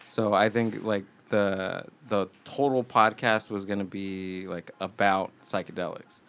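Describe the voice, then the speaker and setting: A man's voice: low-pitched, steady tone, measured pace, vocal fry, fairly bright tone. A man chatting on a podcast in a laid-back, hesitant way with lots of fillers. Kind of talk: casual podcast chat.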